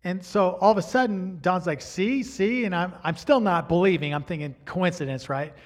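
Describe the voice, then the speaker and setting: Middle-aged guy pastor, fairly high voice, chatty sermon, keeps asking right? you know?. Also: a little fast. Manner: animated storyteller acting out dialogue. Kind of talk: storytelling sermon.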